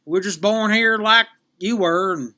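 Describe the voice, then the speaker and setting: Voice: medium pitch, a little slow, pushed and bright, pitched above the performer's own voice. A man putting on a Southern drawl to voice a bewildered, folksy rural parent. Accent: put-on Southern US.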